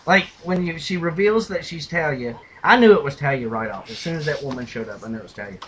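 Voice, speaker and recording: A man chats casually on a podcast, retelling movie scenes with animated energy and breaking into loud, mocking impressions. His voice sits a touch high for a man. Faint noise hums under the recording. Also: quick pace, low-quality recording. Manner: animated storyteller, mimics lines in a loud gravelly shout. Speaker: podcast co-host. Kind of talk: casual movie review chat.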